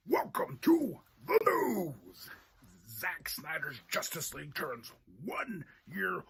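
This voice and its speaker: A man's voice: a little high, wildly swooping pitch, takes it slowly, gravelly, a bit bright, husky, faint music behind. A man reading a short podcast news segment dramatically, dropping into whispers for effect.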